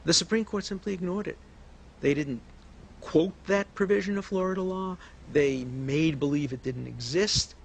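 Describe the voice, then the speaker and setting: A man interviewed for a documentary, speaking in a firm, deliberate way. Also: on the high side, gravelly, slight background noise.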